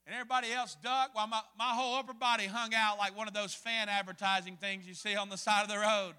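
A man preaching a sermon as a pastor, telling a story in an animated way and acting out voices. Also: sits high, fast, smooth, big-room sound. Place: church hall.

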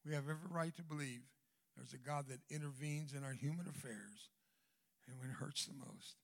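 An older man with a Southern American accent preaching a storytelling sermon as a guest speaker, swinging from hushed, quiet passages to loud bursts and joking asides. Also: mid-range voice, brisk, gravelly. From Southern United States.

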